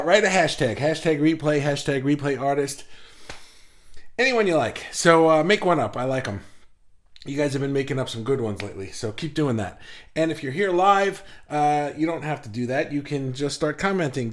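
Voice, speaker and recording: A man hosting a casual live stream, talking quickly and a little out of breath, chatting with viewers and reading their comments aloud. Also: mid-range voice. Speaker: host of an online art group livestream.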